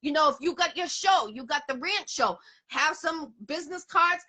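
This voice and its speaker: A woman hosts a relaxed interview, her voice high and bright. She talks emphatically, circling back to the same points again and again. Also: moderate pace. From Boston area. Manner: emphatic, repeats herself, promotional. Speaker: host. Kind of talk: casual interview chat.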